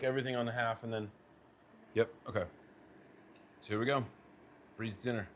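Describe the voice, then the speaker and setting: This young man from the United States has a mid-range voice, a steady tone, and normal speed, with a bit of background noise. He's a cooking vlogger casually talking with his partner and viewers while plating food at home.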